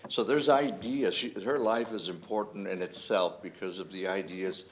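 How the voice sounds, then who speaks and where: A man with a very low voice speaks on an academic panel. He lays out his point deliberately, with faint noise behind him.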